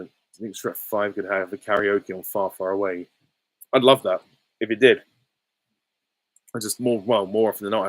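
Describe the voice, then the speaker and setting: A man's voice: lowish voice, no room sound, rough recording. A man chatting casually while he answers viewer questions, rambling with many fillers and restarts. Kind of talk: casual livestream Q&A chat.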